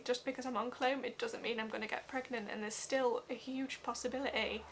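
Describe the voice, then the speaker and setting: A young woman giving an earnest personal vlog update, talking haltingly with many fillers. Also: a little high, steady tone, slight background noise. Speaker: vlogger.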